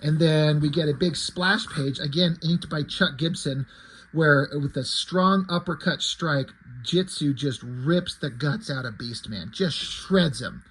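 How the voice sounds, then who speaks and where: Husky man recapping his comic. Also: a little high, measured pace, a bit bright, poor audio. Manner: loose, rambling with fillers. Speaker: comic creator. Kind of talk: casual story recap.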